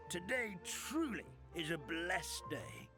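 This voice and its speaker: A man voicing a kindly, forgetful old paper grandfather in a game cutscene, gentle and chuckling, with old-fashioned blessings. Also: high-pitched, big pitch swings, slow pace, full character voice. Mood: warm. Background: soft game music.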